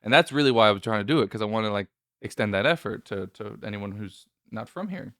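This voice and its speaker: A man's voice: lowish voice, expressive, fast, a bit bright, no echo, studio quality. A male podcast host telling a story in casual chat, nervous and rambling, with many restarts and a voice that cracks.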